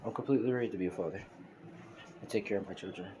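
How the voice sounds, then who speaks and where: A man's voice: low-pitched, very fast, background noise, natural voice. A man voicing a cold, unbothered young hero. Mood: earnest. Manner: offhand and unbothered.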